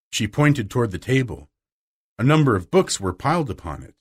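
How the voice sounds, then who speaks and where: A man reads a storybook aloud as narrator, in an animated, expressive style. His voice is a medium pitch that rises and falls freely, giving a lively melody. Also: a little fast, slightly rough. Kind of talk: scripted audiobook narration.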